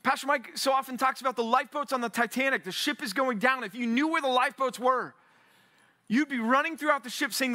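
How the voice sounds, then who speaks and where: High, bright-voiced preaching man. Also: fast. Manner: energetic, rising to near shouts when urging; acts out biblical quotes in an animated voice. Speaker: pastor teaching a men's Bible study. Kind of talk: sermon.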